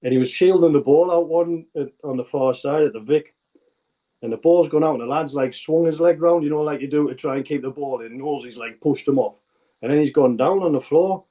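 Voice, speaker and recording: Ex-footballer guest, 40s, North East English accent, relaxed rambling storyteller. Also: male voice, a little high, fairly quick. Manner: rambling anecdotal storyteller, many restarts. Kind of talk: casual interview chat.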